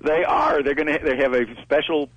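A man's voice: a little high, fairly even intonation, normal speed, fairly bright tone, muffled recording. A man appearing as a guest on a morning radio show, chatting in a playful, self-mocking way. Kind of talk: casual radio interview banter.

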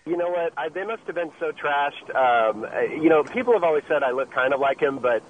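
A man's voice: on the high side, animated, a little fast, phone-quality sound, slight background noise. A male caller telling a story on a radio show, rambling with hesitations.

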